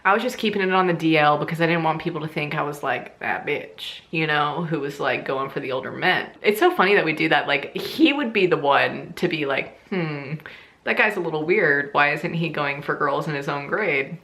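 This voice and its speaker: Animated young woman telling a story. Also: moderate pace. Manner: animated, swings into high squeals for quoted lines; swears freely, laughs through her story. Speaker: vlogger. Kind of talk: casual storytime chat.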